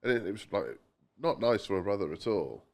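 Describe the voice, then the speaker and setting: Speaking in a lowish, slightly mellow voice, this young podcast co-host is very animated and fairly quick. He tells chatty stories on the casual show, does voices when quoting people, and swears a little.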